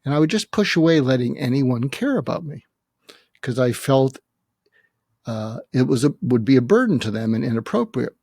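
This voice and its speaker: Old guy in his 70s, gravelly voice, halting and earnest, dry close sound. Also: medium pitch, big pitch swings, darkish tone, dry recording. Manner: earnest, halting, many restarts and fillers. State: emotional, facing his own death. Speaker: guest, psychiatrist. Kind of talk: reflective interview talk.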